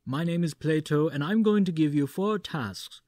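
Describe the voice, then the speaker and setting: A man doing a gentle young philosopher, Plato. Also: on the high side, very animated, normal speed, dry recording, clean studio sound, pitched above the performer's own voice.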